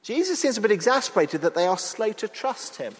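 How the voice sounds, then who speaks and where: A man preaching a sermon in an earnest, expressive way, acting out the lines he quotes. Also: high-pitched, brisk. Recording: long reverb of a large hall.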